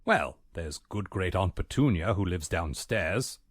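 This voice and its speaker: A man's voice: low-pitched, lively intonation, measured pace, no room sound. An actor voicing a prim, formal male butler with dry, polite delivery. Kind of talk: video game voice acting.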